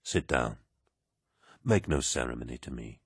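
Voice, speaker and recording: A man reading an audiobook, voicing a commanding male warlord who speaks softly, low and measured. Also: fairly even intonation, breathy edge, dry recording, clean studio sound, full character voice. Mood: gentle. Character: commanding, towering male warlord, calm and paternal. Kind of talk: audiobook character voice.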